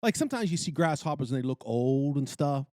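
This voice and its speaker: A middle-aged man telling a story in casual podcast chat, animated and exclaiming. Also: medium pitch, brisk, no echo, clean studio sound. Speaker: podcast co-host.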